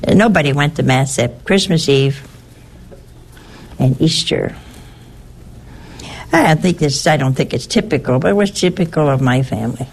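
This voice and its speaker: An older woman, a nun, telling a personal story in a halting way, repeating words and adding chatty asides. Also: low voice, expressive, a little mellow.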